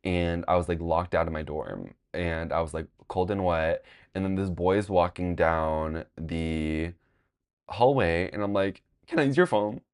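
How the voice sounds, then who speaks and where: The podcast host, a young Long Beach, California man, has a deep, unhurried, somewhat mellow voice that is clear and resonant. He recounts a personal story loosely and casually, full of fillers and regular cursing.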